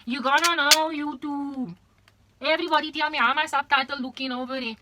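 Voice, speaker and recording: A woman's voice: high voice, steady tone, fairly quick, background noise. A young South African woman with a South African accent, vlogging in an exaggerated, repetitive ranting monologue that slips into Afrikaans.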